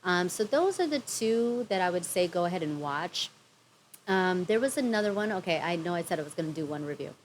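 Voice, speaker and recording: A woman with a somewhat low voice giving a candid, unpolished movie review. She rambles and corrects herself, filling gaps with ums, and states her opinions bluntly. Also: expressive, a little fast, slight background noise, poor audio. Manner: rambling, chatty, frequent ums and self-corrections. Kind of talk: casual vlog review.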